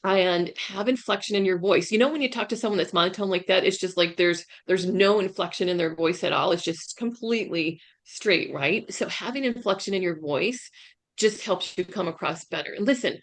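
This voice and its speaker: Over a video call, a woman career coach gives a webinar presentation as a guest speaker. She sounds emphatic, often tagging lines with "right?", in a lowish voice at a moderate pace.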